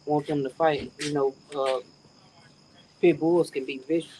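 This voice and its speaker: With a low-pitched, mellow voice, a middle-aged woman speaks a little slowly and with fairly even intonation as she hosts a casual phone live stream outdoors in a yard. She chats to her viewers and laughs often. The recording is rough, with faint outdoor noise and crickets.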